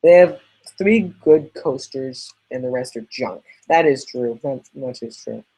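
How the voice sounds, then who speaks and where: A man's voice: mid-range voice, a little slow, warm tone, slightly rough, rough recording. A man hosting a casual livestream podcast, rambling and chatty as he answers viewers' questions. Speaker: podcast host reading live chat.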